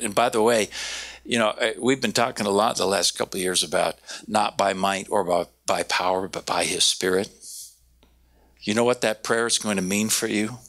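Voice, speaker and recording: A man preaching a sermon, animated, slowing down to stress key words and raising his voice when he quotes. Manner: animated, quoting with raised pitch, slowing for emphasis. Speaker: pastor.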